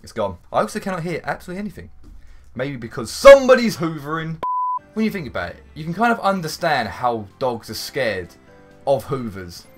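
A man commentating his own gameplay for a video, excitable and rambling, swearing now and then and breaking into sudden shouts. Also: fairly high pitch, a little fast, faint music behind. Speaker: gaming YouTuber.

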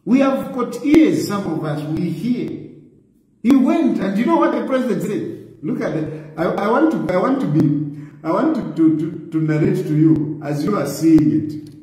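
A man with a Zambian accent giving animated political reaction commentary, firing rhetorical questions. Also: high-pitched, normal speed, echoey room, big-room sound, low-quality recording. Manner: animated, repeats rhetorical questions, laughs mockingly.

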